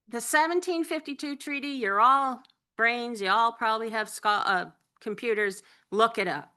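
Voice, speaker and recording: A middle-aged woman from Nova Scotia giving an impassioned public talk, emphatic and halting, full of rhetorical questions. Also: medium pitch, bright, forceful tone. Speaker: panel speaker.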